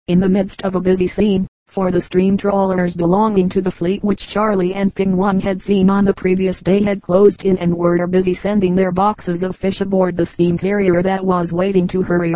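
A woman's voice: on the low side, dark tone, no room sound, poor audio. A woman narrating an audiobook, reading steadily and voicing the characters lightly.

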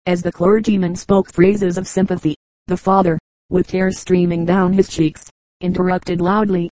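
Measured woman reading funny anecdotes. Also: on the low side, no room sound, poor audio. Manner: even, measured storytelling. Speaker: audiobook reader. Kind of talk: audiobook narration of humorous anecdotes.

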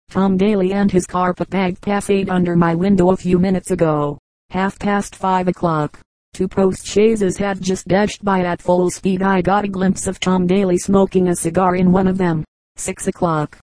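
A woman reading a comic periodical aloud as an audiobook, in a measured, even manner. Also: fairly low pitch, dry recording, poor audio. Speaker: audiobook reader.

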